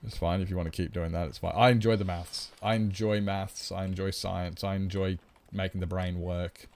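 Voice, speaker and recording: Man, lowish voice, casual livestream talk, rambling explanations, answering chat. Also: level tone, normal speed, a little mellow. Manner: rambling, chatty, explains at length; reads and answers chat comments.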